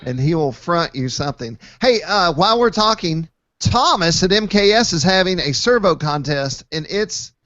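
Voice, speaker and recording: A man's voice: high-pitched, expressive, moderate pace, a bit bright, dry recording. A man hosting a casual chat, joking and rambling with lots of fillers. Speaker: podcast host. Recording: dull lo-fi dry recording.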